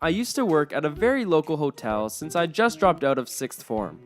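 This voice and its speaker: A woman narrating Reddit stories aloud in a wry, lively storytelling manner. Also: low voice, moderate pace, soft background music.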